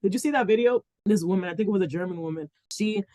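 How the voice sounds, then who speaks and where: A woman's voice: mid-range voice, fast talker, warm tone, no room sound. A woman from the Dominican Republic co-hosting a casual podcast chat, rambling with many restarts and "like" fillers. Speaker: podcast co-host.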